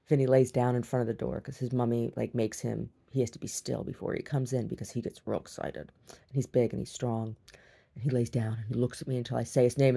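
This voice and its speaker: A woman's voice: a bass voice, gravelly, warm tone. A middle-aged woman, a gallery owner, chatting in a meandering, giggly way in a casual monologue.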